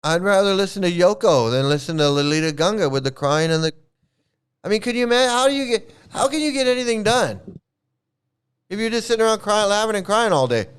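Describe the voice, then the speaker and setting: A man talks in a loose, rambling way, tripping over his words and restarting often. His slightly high, smooth voice carries a mocking edge. He laughs as he goes on a casual rant. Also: animated, quick pace. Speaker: channel host, former devotee.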